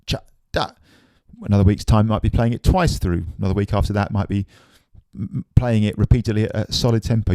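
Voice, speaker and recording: A man giving a relaxed, chatty drum lesson, often tossing in "man". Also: medium pitch, no echo. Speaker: drum teacher. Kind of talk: casual spoken drum lesson.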